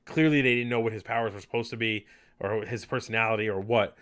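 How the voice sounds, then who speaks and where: A man's voice: fairly low pitch, steady tone, quick pace, fairly bright tone. A man hosting a casual live podcast, chatty and enthusiastic, rambling with fillers. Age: adult. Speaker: podcast host.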